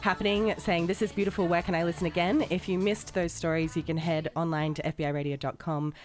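A woman co-hosting a radio show, husky from a cold, chatting casually. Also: on the low side, little pitch movement, fast talker, a little mellow, soft background music. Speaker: radio co-host.

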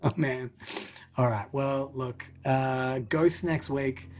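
A man's voice: mid-range voice, fairly even intonation, slow, darkish tone. A man co-hosting a podcast, casually retelling a film plot in a chatty way full of fillers and the odd swear. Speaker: podcast co-host.

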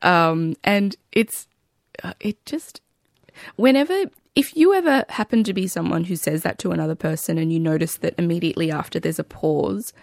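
A woman with a slightly low voice talks in a playful, wry, rambling way as a comedian guest on a radio show. The recording is close and dry, with no room sound. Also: lively intonation, moderate pace, gravelly, no room sound. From Australia. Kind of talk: casual radio interview.

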